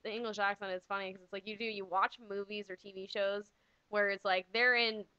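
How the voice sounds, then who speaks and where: A young woman co-hosting a casual comedy podcast, sarcastic and quick to laugh. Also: medium pitch, level tone, bright, forceful tone, clean tone, no echo, lo-fi sound. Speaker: podcast co-host.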